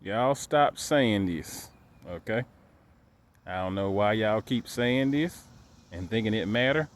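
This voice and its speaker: A man's voice: on the low side, lively intonation, slow pace. A man giving a casual ranting monologue to camera, emphatic and repetitive, stumbling over repeated words. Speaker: dog breeder vlogger.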